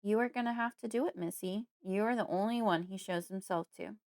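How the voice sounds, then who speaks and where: Casting: a protective dad, stern and urgent, read by a woman narrator, in a flat, dry audiobook. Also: mid-range voice, a little fast, dry recording, lightly acted. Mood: urging. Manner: stern, urgent, yelling at times. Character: distraught father shielding his young daughter. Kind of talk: audiobook character voice.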